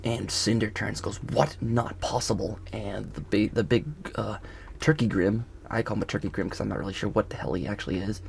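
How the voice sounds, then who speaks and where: A video reviewer talks through a show episode in a loose, rambling way, fixing his own words mid-stream while standing outdoors on a golf course. His fairly low, gravelly voice is brisk and fairly even in intonation, with slight background noise behind it.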